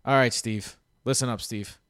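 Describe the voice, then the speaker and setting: A man's voice: medium pitch, fairly even intonation, normal speed, fairly bright tone, dry recording, studio quality. A man co-hosting a sports podcast in casual, joking chat, talking animatedly and swearing freely. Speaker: podcast co-host.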